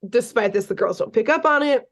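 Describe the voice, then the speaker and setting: A woman co-hosting a podcast, recapping a cartoon episode in casual chat, animated and full of "like", acting out the characters' lines. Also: fairly high pitch, a little fast. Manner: animated storytelling, lots of "like", acts out characters' lines.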